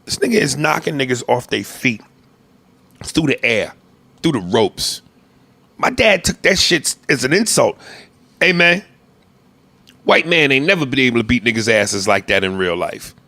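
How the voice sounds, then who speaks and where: Gravelly, animated comic podcast host. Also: male voice, medium pitch, moderate pace, long pauses. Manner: crude, animated, mock film-director bossiness. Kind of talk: casual comedic chat.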